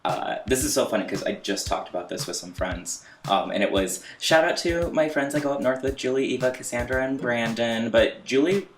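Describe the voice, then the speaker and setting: A man's voice: medium pitch, a little hiss or hum. Chatty joking man, echoey room. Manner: animated, jokey, quick to laugh. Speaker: podcast co-host. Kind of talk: casual chat. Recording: echoey room with faint music.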